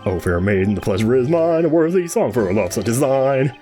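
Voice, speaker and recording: A man's voice: mid-range voice, sing-song, brisk, dark tone, close to an everyday voice. A man plays a florid singing bard from a game, crooning romantic verse in a sing-song, theatrical way. Faint music plays behind him. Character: flowery singing bard knight.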